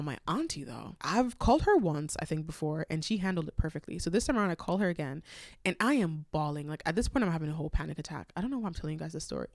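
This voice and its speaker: A woman's voice: fairly low pitch, a little mellow, no echo, studio quality. A young woman hosting a solo podcast, telling a rambling, self-aware story with a congested voice from a cold. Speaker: podcast host.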